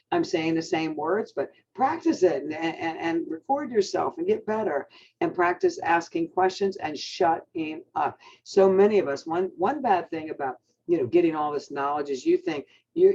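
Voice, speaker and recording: Male team coach, energetic pep talk, higher pitch, muffled call audio. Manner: energetic, coaching, many fillers and restarts.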